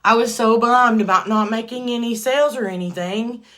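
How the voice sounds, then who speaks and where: A woman chatting casually to viewers on a livestream while doing her makeup, excitable and prone to loud bursts of praise. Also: on the high side, moderate pace. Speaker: livestream host.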